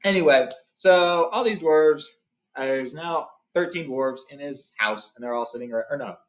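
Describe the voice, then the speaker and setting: A man's voice: on the high side, moderate pace. A man hosting a casual read-along, retelling a story in a chatty way with fillers and self-corrections. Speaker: host reading a book aloud.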